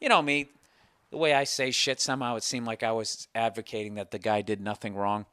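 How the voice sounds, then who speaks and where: A man's voice: on the low side, steady tone, fairly quick, bright, forceful tone, no echo. A man hosting a podcast, telling a comic story in a rambling, profane, self-mocking way. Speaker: podcast host. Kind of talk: casual comedic storytelling.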